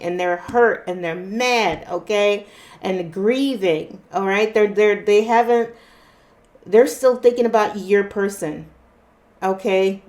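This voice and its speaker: A woman's voice: medium pitch, darkish tone. A woman giving a casual tarot card reading to a viewer, often checking in with "okay?". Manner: unhurried, checks in with frequent "okay?". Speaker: tarot reader.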